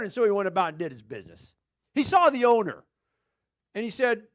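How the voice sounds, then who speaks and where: A male pastor preaching a sermon, telling a story in an animated, chuckling way. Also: very high-pitched, brisk.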